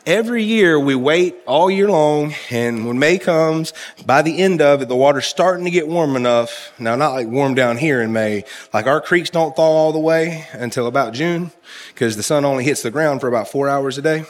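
A man's voice: on the high side, normal speed. A man preaching a sermon to his church, telling stories with humor and talking straight to the congregation. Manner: folksy storytelling with humor; conversational, addresses congregation directly. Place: church service.

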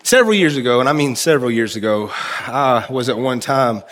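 A man's voice: medium pitch, brisk, a bit bright. Folksy male preacher telling stories. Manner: folksy storytelling with humor; conversational, addresses congregation directly. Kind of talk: sermon. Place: church service.

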